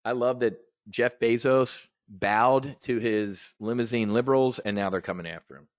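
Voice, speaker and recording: A man's voice: mid-range voice, normal speed, dry recording, studio quality. Blunt, profane man ranting about markets. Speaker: host of a trading brief. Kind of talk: live market commentary rant.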